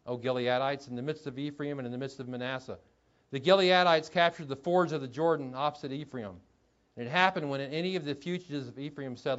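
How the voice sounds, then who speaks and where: A man's voice: a little high, lo-fi sound. A man preaching a sermon in a church, talking conversationally with rhetorical questions and chuckling asides. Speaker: pastor.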